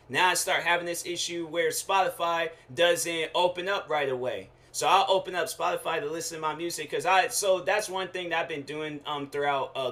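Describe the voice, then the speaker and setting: A young man hosting his own show, telling a casual slangy rant with lively quoted asides. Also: fairly high pitch. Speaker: show host.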